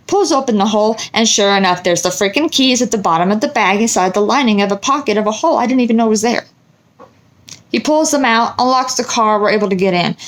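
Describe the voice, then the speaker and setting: Woman, middle-aged, vlogger, casual storytelling, animated, exasperated, quotes dialogue. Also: a little high.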